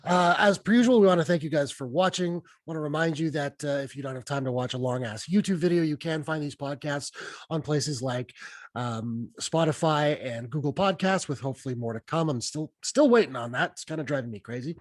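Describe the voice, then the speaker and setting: Chatty higher-voiced male podcast host. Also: brisk, dry recording, studio quality. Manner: chatty, animated, laughs at his own stories. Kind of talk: casual podcast chat.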